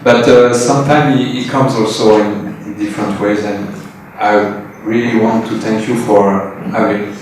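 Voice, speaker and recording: Hesitant man, flat and slow, echoey distant hall. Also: lowish voice. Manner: hesitant, laughing often. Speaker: devotee giving thanks. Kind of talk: heartfelt thanks. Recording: echoey hall, distant mic, faint noise.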